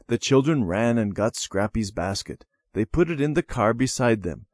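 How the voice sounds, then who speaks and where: A man's voice: mid-range voice, normal speed, hardly any pauses, no room sound, studio quality. Man reading a children's story aloud. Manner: expressive read-aloud for children. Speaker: narrator. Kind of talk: scripted storybook narration.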